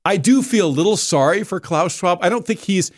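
A man's voice: sits high, animated, a little fast, no room sound, clean studio sound. A man speaking as a guest editor in a casual discussion, digressive and often repeating words as he restarts.

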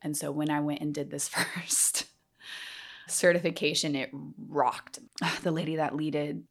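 A young woman, a yoga trainer, telling her story candidly as a podcast guest, rambling with lots of fillers. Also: sits low. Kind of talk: casual interview storytelling.

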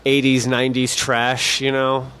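A man's voice: mid-range voice, completely flat delivery, a little slow, sharp tone, clean tone. Laid-back man swearing in casual movie chat. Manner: laid-back, swears freely, laughs often. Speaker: podcast co-host.

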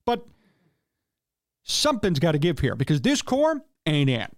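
A man's voice: on the high side, wildly swooping pitch, unhurried, no echo, studio quality. A man hosting a solo sports talk show, ranting in an opinionated, exasperated way and asking rhetorical questions. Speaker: sports radio host.

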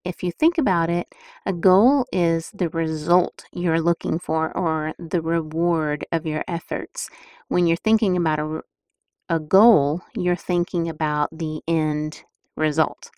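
A woman's voice: deep voice, steady tone, slow pace, a little mellow, no room sound. A middle-aged woman hosting a podcast, talking in a chatty, emphatic and upbeat way as she gives casual motivational advice. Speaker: podcast host.

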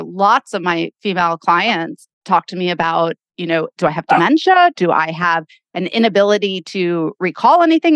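A woman's voice: medium pitch, fairly bright tone, no room sound. A woman therapist co-hosting a casual podcast, explaining at length and laughing easily.

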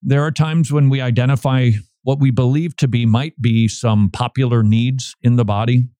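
A male radio show host in a studio, talking in an animated way, chuckling and reading passages aloud with quick asides. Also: mid-range voice, no room sound. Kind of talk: radio talk commentary.

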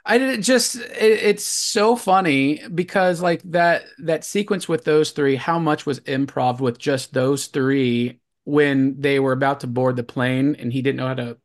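A man co-hosting a casual movie podcast, excitable and gushing, often breaking into laughter. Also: mid-range voice, a little slow, few pauses. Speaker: podcast co-host. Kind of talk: casual movie-review chat.

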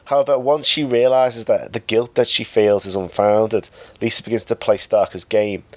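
A man's voice: fairly low pitch, fairly even intonation, normal speed, no echo. Hesitant male film reviewer, dry sound. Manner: hesitant, many fillers. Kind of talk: casual film review narration.

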